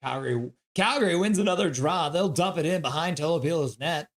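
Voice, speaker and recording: Fields: Sex: male. Role: play-by-play caller. Pitch: fairly high. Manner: brisk play-calling mixed with joking chat reading. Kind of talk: fan livestream play-by-play.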